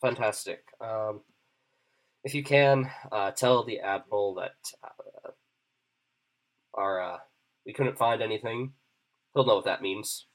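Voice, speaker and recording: A man voicing a wary male soldier who guards a dragon, talking in a hesitant, halting way. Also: lowish voice. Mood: guarded.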